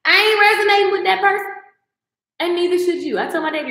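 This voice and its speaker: A woman's voice: very high-pitched, fast talker, a bit bright, roomy sound. A woman, chatting on a livestream and talking straight to her viewers. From American South. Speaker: makeup and mindset coach. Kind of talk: casual livestream chat.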